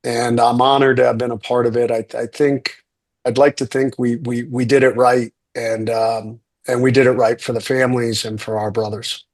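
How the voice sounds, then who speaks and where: A middle-aged man on a video call recalling a memorable ceremony, earnest and unhurried. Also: medium pitch, flat delivery. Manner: earnest, unhurried, with fillers and restarts. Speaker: guest speaker, military veteran. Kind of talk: casual recollection on a webinar.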